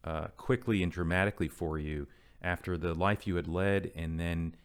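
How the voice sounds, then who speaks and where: A man hosting an interview, speaking in a somewhat low voice. He breaks in politely and gently to ask his questions. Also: fairly even intonation, normal speed, clear, resonant tone. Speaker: radio interview host.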